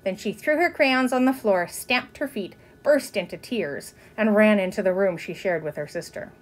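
A woman reading a children's chapter book aloud, with expressive narration. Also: medium pitch, moderate pace. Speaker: reader. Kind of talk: storybook narration.

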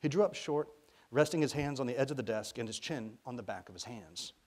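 A middle-aged man from Arkansas, an author reading his own children's novel aloud to an audience in expressive storytelling fashion. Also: mid-range voice, brisk. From Arkansas, USA. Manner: expressive storytelling, briefly voicing characters.

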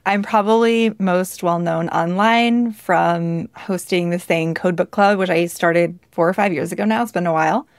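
A woman chats as a podcast guest, bubbly and playful. Her voice sits somewhat low for a woman. The sound is close and dry. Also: no room sound. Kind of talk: casual chat.

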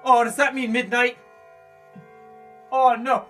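A man commentating as he plays a horror game, jumpy, swearing and shouting when scared. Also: very high-pitched, flat delivery, slow, distant mic, faint music behind. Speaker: gamer playing a horror game. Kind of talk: let's play commentary.

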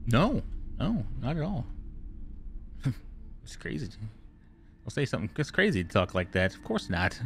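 A man giving casual gameplay commentary, excitable and profane, joking with the characters he meets. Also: medium pitch, moderate pace, gravelly, long pauses, a little hiss or hum. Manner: excitable, profane, jokey, talks to game characters. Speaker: gamer streamer. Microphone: studio microphone.

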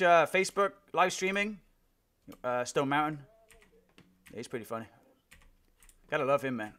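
A gaming streamer with a fairly high, slightly bright voice plays a shooter live, cursing, trash-talking and joking with his squad. He laughs a lot as he commentates.

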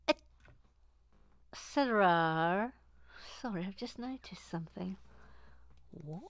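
Slow, smooth-voiced playful woman. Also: a little high, dry recording. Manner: playful and rambling, breaks into silly sung jingles. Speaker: host. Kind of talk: casual livestream chat while building Lego.

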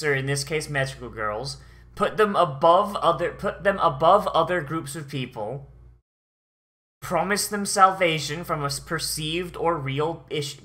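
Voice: mid-range voice, animated, a little slow, pushed and bright. A streamer giving rambling, profane commentary while watching an anime episode, often restarting sentences. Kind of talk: casual reaction commentary.

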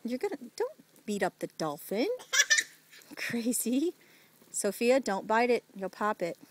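A woman's voice: fairly high pitch, very animated, a little slow, very noisy. A mother filming her small child outdoors in a backyard, talking in a playful, doting, coaxing way and laughing often. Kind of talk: home video chat with a small child.

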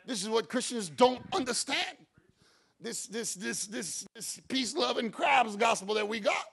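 Male pastor, bright and gravelly, sermon that builds to shouting. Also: extremely high pitch, lively intonation, a little slow. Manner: builds from quiet talk to shouted preaching; acts out his own prayers and God's replies.

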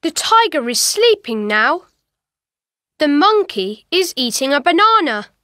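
Really high bright lady reading kids lines, slow, bouncy. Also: big pitch swings, no room sound, clean studio sound. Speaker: course audio reader. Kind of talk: scripted reading for young learners.

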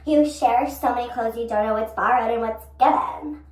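A woman's voice: a little high, normal speed, recorded from a distance, lightly acted. A woman in her twenties putting on a knowing, commentary-style voice for an aside, recorded in a roomy space away from the mic. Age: 20s.

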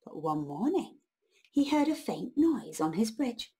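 Breathy woman reading a children's story. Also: on the high side. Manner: expressive, unhurried storytelling. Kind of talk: reading a picture book aloud.

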